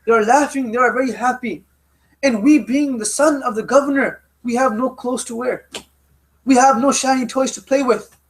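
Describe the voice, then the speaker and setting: A man's voice: extremely high pitch, moderate pace. A man voicing a ruler's sad young son in a retold story, speaking in a plaintive, earnest way.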